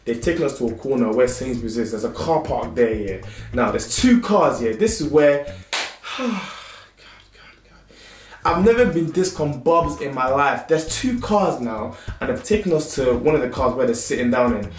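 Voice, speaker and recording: A young man with a London accent telling a storytime vlog in a lively, slangy way. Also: mid-range voice, moderate pace, slight background noise. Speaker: vlogger. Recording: roomy indoor sound.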